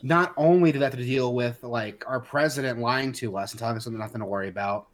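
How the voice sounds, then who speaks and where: A man co-hosting a casual podcast, his voice at an ordinary middle pitch. He rants heatedly, stumbling through restarts and fillers as he talks. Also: fast. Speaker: podcast co-host. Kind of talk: casual opinionated chat.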